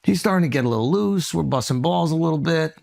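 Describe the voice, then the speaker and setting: A man's voice: a little high, expressive, fast talker, gravelly, darkish tone. A man telling a comic story as a podcast host, acting out the other people in it and laughing often. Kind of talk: comedic storytelling. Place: podcast studio.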